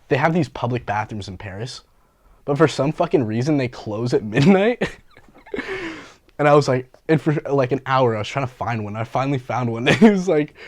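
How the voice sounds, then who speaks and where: A young man from the Bay Area tells stories in a loose, slangy, swear-heavy way, laughing often. His pitch sits in the middle. The sound is dry and close, with no room echo. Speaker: graffiti artist and painter. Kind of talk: casual storytelling interview.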